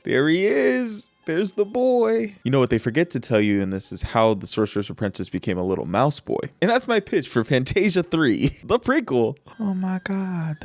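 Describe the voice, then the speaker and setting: A man's voice: medium pitch, no room sound. A man hosting a casual movie reaction, joking and laughing, recorded close to a studio mic. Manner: animated, joking, lots of laughs. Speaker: reaction video host.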